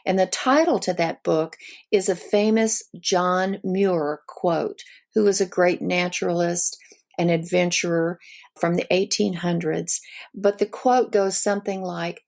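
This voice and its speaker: Older Southern woman guest, slow and gravelly, a natural storyteller. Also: fairly low pitch, fairly even intonation, a little mellow. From Ozarks of Missouri. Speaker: guest author. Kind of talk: storytelling interview.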